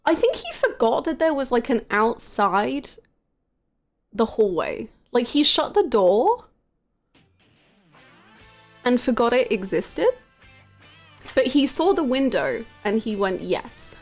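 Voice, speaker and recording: A woman's voice: on the high side, very animated, slow pace, pauses often, faint music behind. A woman streaming a game live, chatting casually with her viewers in a giggly, rambling way.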